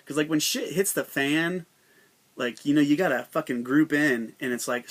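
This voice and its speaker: A man's voice: a little high, moderate pace, fairly bright tone. A young American man hosting his own podcast, talking in a profane, rambling, joking monologue full of slang. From United States. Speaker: podcast host.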